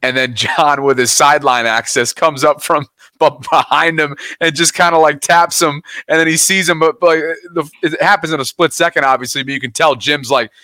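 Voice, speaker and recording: Bright-voiced young man telling a story. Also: a little high, a little fast, no room sound. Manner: animated play-by-play storytelling. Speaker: podcast co-host. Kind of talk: casual sports chat.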